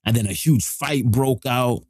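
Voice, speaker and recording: A middle-aged man, hosting a live show and telling a rough, profane story in casual street slang. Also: mid-range voice, a little slow, a little mellow, dry recording, clean studio sound.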